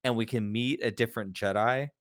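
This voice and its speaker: A man's voice: mid-range voice, steady tone, dry recording, clean studio sound. A man hosting a podcast, chatting eagerly and rambling through ideas. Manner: enthusiastic, rambling, quick restarts. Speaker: podcast host. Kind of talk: casual chat.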